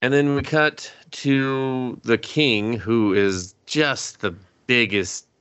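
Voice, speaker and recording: A man's voice: medium pitch, takes it slowly, a bit bright, clean tone, no room sound. A man hosting a casual anime review podcast, swearing freely and acting out characters in quoted voices. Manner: profane, acts out characters in quotes. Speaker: podcast host.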